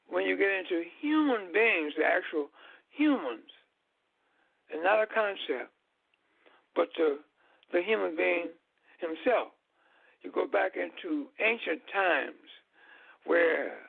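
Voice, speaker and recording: A husky, deeply gravelly man speaks very slowly over a tinny, dry phone line. He lays out his points deliberately, stopping often between phrases as a guest speaker. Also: expressive, no echo. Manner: slow, deliberate, halting with many pauses. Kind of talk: lecture-style talk on a call-in show.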